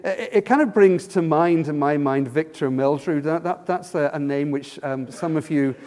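A man with a high voice preaches a sermon, animated and acting out quotes with rising emphasis. His voice rings out through a hall with a long reverb. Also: normal speed.

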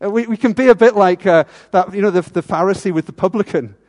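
High-voiced male preacher in a reverberant church. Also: quick pace. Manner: earnest, with rhetorical tag questions, dropping to hushed tones. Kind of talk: sermon.

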